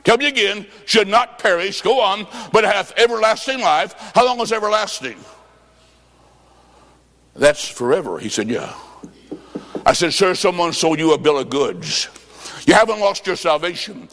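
A man preaches with a high, gravelly voice, spinning folksy stories full of quoted dialogue and bursting into shouts now and then. His voice rings out with a long reverb in a large hall. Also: sing-song, normal speed, long pauses. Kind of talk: sermon.

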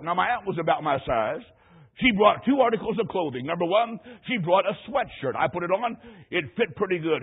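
High husky preacher guy telling folksy stories, sermon style, thin radio sound. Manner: folksy storytelling with emphatic repetition. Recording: tinny lo-fi radio broadcast.

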